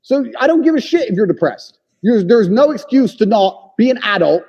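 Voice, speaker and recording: Blunt, forceful man with a lively voice. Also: sits high, normal speed, breathy edge. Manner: forceful, profane, lectures with emphatic claims. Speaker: podcast guest. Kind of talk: blunt opinionated conversation. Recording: long reverb, dull lo-fi sound.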